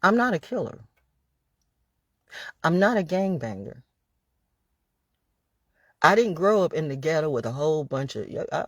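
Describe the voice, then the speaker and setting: A woman's voice: sits low, big pitch swings, measured pace, pauses often, no echo. A woman talking straight to her audience in a vlog, ranting with emphatic repetition and plenty of profanity. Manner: repeats phrases for emphasis. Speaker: online broadcaster.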